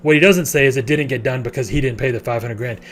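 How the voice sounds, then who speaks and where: A man's voice: mid-range voice, fast talker, slight background noise. A man, a real estate educator, telling a long story in a casual, rambling way with many restarts.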